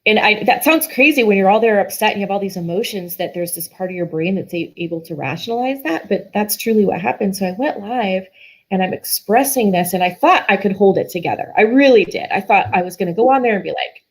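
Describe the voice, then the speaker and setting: A woman's voice: medium pitch, lively intonation, quick pace, low-quality recording. A middle-aged woman guest telling a personal story in an earnest, emotional way, often restarting her sentences.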